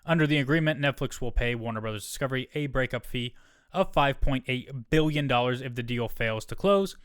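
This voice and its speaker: Male solo podcast host, smooth clear voice, dry close-mic sound, reads news with wry asides. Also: mid-range voice, fairly quick, a bit bright, no room sound. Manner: reads quotes aloud, drops in wry asides.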